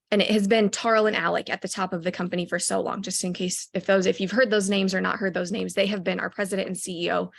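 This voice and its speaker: A woman's voice: mid-range voice, vocal fry. A woman recapping a company event for her team in a casual motivational talk, eager and full of ums and restarts. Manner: enthusiastic, many ums, rambling restarts.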